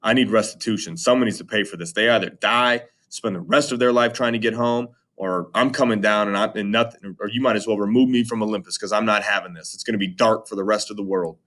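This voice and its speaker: A man's voice: fairly low pitch, fairly even intonation, fast talker, hardly any pauses, fairly bright tone, natural voice. A man voicing an indignant male sun god who is demanding payback, in casual modern slang. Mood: aggrieved.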